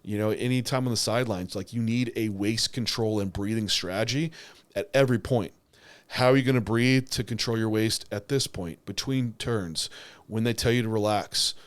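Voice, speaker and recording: A young man on a podcast, talking in a loose, rambling way, full of fillers and false starts. His voice sits a bit low. He speaks as a bodybuilder looking back on a show. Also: moderate pace. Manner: rambling, lots of filler words and restarts. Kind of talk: casual podcast chat.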